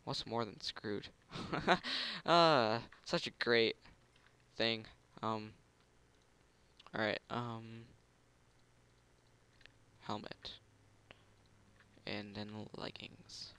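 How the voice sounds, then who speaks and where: Slow, gravelly man muttering over gameplay. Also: lowish voice, steady tone, bright, forceful tone. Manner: muttering to himself, hums little tunes, bursts into gloating. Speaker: gameplay commentator. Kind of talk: casual gameplay commentary.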